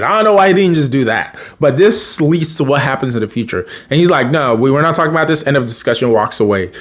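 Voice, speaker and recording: Animated man casually recapping an episode. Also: medium pitch, brisk. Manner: rambling, chuckling, quotes characters loosely. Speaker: show recap vlogger.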